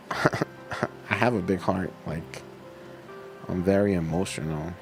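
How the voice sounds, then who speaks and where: Chill middle-aged dude on a livestream, lowish voice, slangy, laughs a lot, soft music behind. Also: male voice, slow pace, gravelly. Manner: laid-back, slangy, laughs often. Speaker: livestream host reading chat. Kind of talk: casual chat reading viewer comments.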